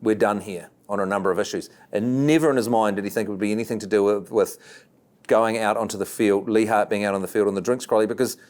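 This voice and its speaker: A man, recalling events in a documentary interview with a measured, wry delivery. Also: lowish voice, steady tone, a little mellow.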